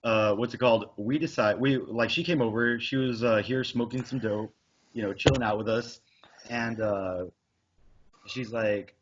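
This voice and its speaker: On a podcast, a male co-host in his thirties tells a crude, rambling story packed with profanity, casual storytelling captured in dull lo-fi audio. His voice is lowish, at a moderate pace, with a little hiss or hum in the background.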